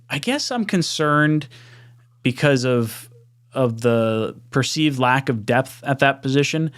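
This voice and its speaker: A man's voice: mid-range voice, smooth. A man hosting a podcast, chatting casually, laughing easily and reading out viewer comments. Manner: laughing, easygoing. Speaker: podcast host. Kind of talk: casual chat, reading live chat.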